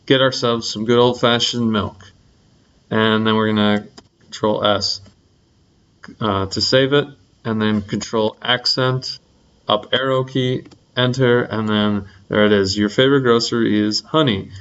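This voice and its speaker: A young man teaching a programming lesson in a relaxed, rambling way, full of ums and likes. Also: lowish voice, unhurried, clean tone, muffled recording. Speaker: coding instructor.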